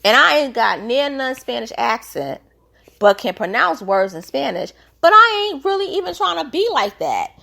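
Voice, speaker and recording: A woman's voice: high-pitched, sing-song, normal speed, gravelly, bright, forceful tone. A woman hosting her own channel, giving chatty, opinionated commentary in a colloquial way. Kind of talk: casual commentary vlog.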